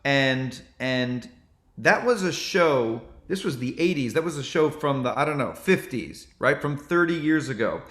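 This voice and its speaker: Animated comedian, man, bright voice, echoey room. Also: mid-range voice, measured pace. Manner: animated storytelling. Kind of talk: casual chat. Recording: roomy echo.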